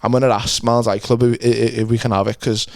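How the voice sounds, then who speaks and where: A young male comedian chatting on a podcast. He tells rowdy, crude stories at a mid-range pitch and breaks into laughter often. His voice sits close to the mic in a dry, dead room. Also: fast talker, creaky, dry recording. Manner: crude, animated storytelling with frequent laughter. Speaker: podcast co-host and stand-up comedian. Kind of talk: casual chat.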